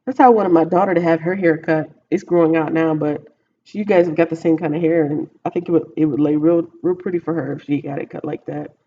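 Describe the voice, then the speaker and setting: A woman's voice: sits low, steady tone, quick pace, highs cut off. A Texan woman livestreaming from home, chatting casually and rambling as she thinks aloud to viewers. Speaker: livestreaming vlogger.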